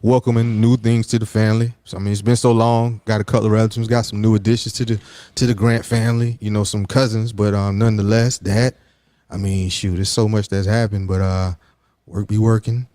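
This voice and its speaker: A man's voice: fairly low pitch, flat delivery, fairly quick, mellow, no echo. A man, co-hosting a radio chat in a rambling, upbeat way. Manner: rambling, filler-heavy, upbeat. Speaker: co-host.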